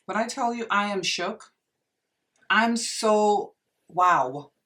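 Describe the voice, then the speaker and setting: A woman's voice: mid-range voice, expressive, slow pace, fairly bright tone, far from the mic. A young woman reviewing makeup in a casual vlog, gushing and exclaiming to her viewers as if they were friends. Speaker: beauty vlogger.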